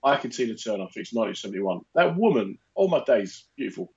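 A man's voice: mid-range voice, big pitch swings, quick pace, vocal fry, darkish tone, muffled recording. A man co-hosting a podcast in casual chat, with a dry, teasing, wry manner. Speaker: podcast co-host.

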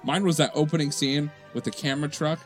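An animated man chats about a movie on a podcast, using slang and breaking into laughter. His voice sits a bit higher than most men's, with faint music behind him. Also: fast talker. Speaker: podcast co-host. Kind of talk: casual movie discussion.

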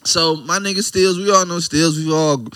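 A man's voice: fairly high pitch, steady tone, moderate pace, a bit bright, clean tone, dry recording. A man co-hosting a podcast in loose, joking casual chat, laughing often. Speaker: podcast co-host.

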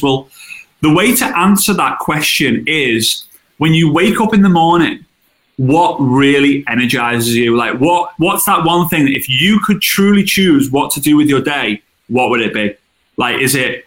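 A man, a guest in an interview, chatting casually and telling animated stories with acted-out quotes. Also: mid-range voice, normal speed. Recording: roomy echo.

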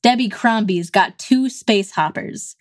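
A woman's voice: medium pitch, measured pace. A woman in casual chat, reading passages aloud with dry amusement.

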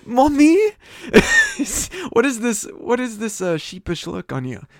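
A man's voice: high voice, takes it slowly, no echo. Guy on a podcast joking around, bouncy up-and-down voice, dry close mic. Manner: teasing, laughs a lot, animated. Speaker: podcast co-host. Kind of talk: casual banter.

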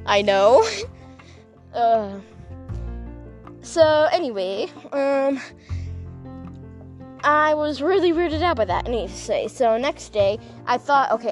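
A woman hosting a casual solo podcast, telling a rambling, gossipy story with lots of laughing and self-deprecating, awkward asides. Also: fairly high pitch. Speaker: podcast host.

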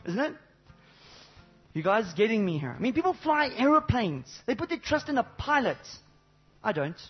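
A man preaching a sermon to a congregation, animated, swinging between loud exclamations and low intimate asides, with many rhetorical questions. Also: moderate pace, slightly rough, dull audio, soft background music. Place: church service before a congregation.

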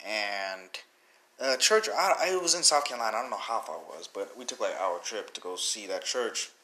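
Young male podcaster, rambling and emotional, slightly low pitch, bright tone. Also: lively intonation, a little fast. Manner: earnest and emotional, rambling with many restarts. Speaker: podcast host. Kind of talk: personal commentary podcast.

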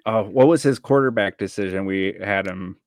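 A man co-hosting a podcast in a loose, jokey chat, his voice sitting a little low. The sound is dry and close, with no room around it. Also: moderate pace, no echo. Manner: animated, jokey. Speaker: podcast co-host. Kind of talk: casual chat.

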